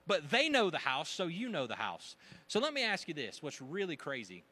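A man's voice: fairly high pitch, huge pitch swings, normal speed, bright, forceful tone, slightly rough. A man preaching a sermon to a congregation, joking and acting out gossiping voices as he tells the story. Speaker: pastor.

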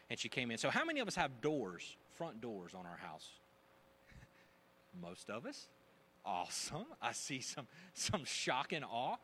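Male preacher, animated and joking, bright, lively delivery. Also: medium pitch, slight background noise. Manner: animated, joking, acts out gossiping voices. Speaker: pastor. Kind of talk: sermon.

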